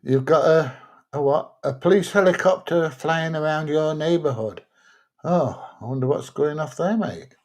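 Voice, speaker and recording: A man's voice: a little high, normal speed, a little mellow. A middle-aged man, chatting casually on a live stream and reading out viewer comments, thinking aloud with plenty of fillers.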